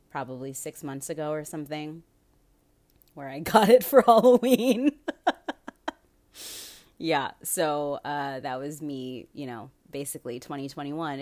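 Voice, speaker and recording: A young woman hosting her own podcast, talking alone in a candid, profane way and laughing often. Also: low-pitched. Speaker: podcast host. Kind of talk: casual solo podcast monologue.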